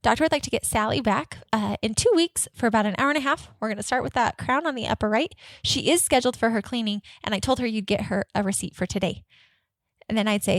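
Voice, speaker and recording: Woman, podcast coach, upbeat and energetic, role-plays patient talk, highish voice, dry close mic. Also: brisk, no echo. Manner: energetic, upbeat, acts out both sides of patient conversations. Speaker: dental practice consultant and podcast host. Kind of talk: instructional podcast with role-played office dialogue.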